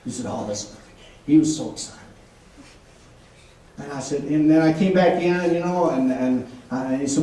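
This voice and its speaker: A man preaching a sermon as an animated storyteller, acting out voices and laughing often. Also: on the high side, fast. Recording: echoey room from far off with faint noise.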